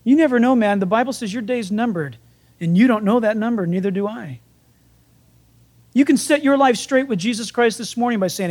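Animated man preaching a folksy sermon. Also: very high voice, normal speed. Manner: animated, acts out biblical dialogue. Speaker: pastor.

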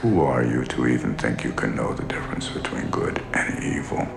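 A gravelly hushed devil. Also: male voice, very deep voice, normal speed, full character voice. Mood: mocking. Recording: roomy film audio with music behind.

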